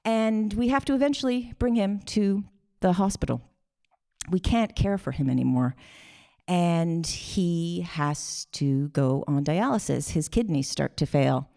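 Woman, middle-aged, live storyteller, animated, acts out voices. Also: on the low side, a little slow, vocal fry.

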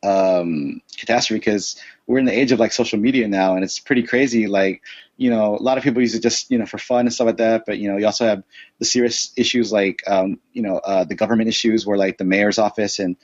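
A young man talks in a low register, rambling through his points with plenty of fillers and blunt, profane asides. The recording is dull and lo-fi, with a dry, close sound. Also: steady tone, a little fast, no room sound. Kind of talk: casual conversation.

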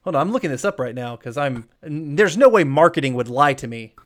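A man co-hosting a podcast, recapping a film in casual chat, animated, with frequent laughs and rambling asides. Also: fairly high pitch, a little fast. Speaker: podcast co-host.

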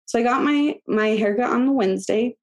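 A woman in her thirties, an interview guest, telling a personal story in a chatty, animated way with many fillers and laughs. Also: fairly high pitch, fairly quick, muffled recording. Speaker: podcast guest.

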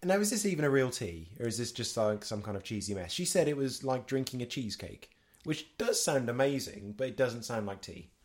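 Dry deadpan male podcast host. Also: medium pitch, brisk. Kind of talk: casual podcast chat.

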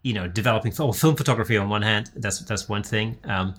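A man's voice: lowish voice, brisk, fairly bright tone. A man in casual conversation, rambling, with many restarts and fillers. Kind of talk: casual chat.

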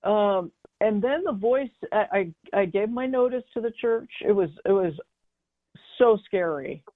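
A woman's voice: medium pitch, unhurried, no echo. Chatty middle-aged woman on a tinny line. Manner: chatty, with many fillers and restarts. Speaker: guest, baking mix business founder. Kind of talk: telling a personal story in an interview. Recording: dry, tinny phone-like line.

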